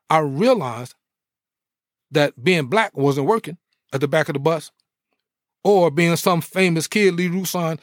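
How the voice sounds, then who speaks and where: A middle-aged man tells his story in a fairly high voice, animated and preacher-like. The sound is close and dry, with no room echo. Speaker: guest, former pro football player. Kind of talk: storytelling in a podcast interview.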